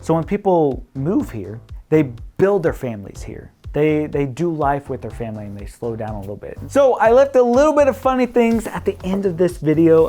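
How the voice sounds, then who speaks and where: A man's voice: on the high side, warm tone. A man from the Midwest, a real estate broker talking casually to camera, playful and chatty, often laughing and acting out what people say.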